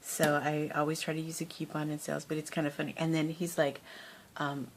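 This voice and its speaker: A woman's voice: low-pitched, flat delivery, a little fast, a little hiss or hum. A woman chatting casually to her camera as a crafting vlogger, rambling and laughing often.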